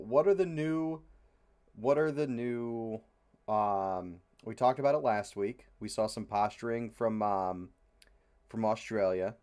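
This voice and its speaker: A man's voice: on the low side, a little mellow. Frustrated, rambling male podcast host. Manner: frustrated, rambling, swears freely, many fillers. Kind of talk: casual opinionated chat.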